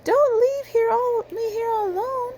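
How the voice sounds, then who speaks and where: A woman voicing a frightened female sheep in a storybook read-aloud, with high squeaky pleading cries. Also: slow, warm tone, a little hiss or hum.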